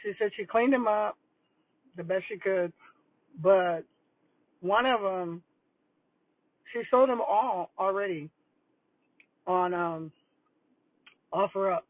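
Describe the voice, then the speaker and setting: A woman's voice: medium pitch, takes it slowly, long pauses, dry recording. Older woman, retired principal type, rambling and chatty while eating; thin phone-quality sound. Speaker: retired school principal vlogger. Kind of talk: casual livestream chat over lunch. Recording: tinny phone-like dry audio.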